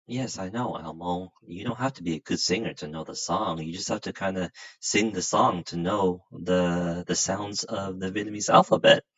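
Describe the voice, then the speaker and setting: A male teacher giving a children's language lesson, patient and gently amused, drilling sounds to repeat. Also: low-pitched, no room sound, highs cut off.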